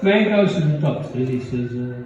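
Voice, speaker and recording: Male stand-up, punchy joke delivery, warm low tone, distant dull mic in a big echoey room. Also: animated, normal speed, a little hiss or hum. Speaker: stand-up comedian. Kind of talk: live stand-up set. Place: comedy pub venue with live audience. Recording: roomy, distant, dull live recording.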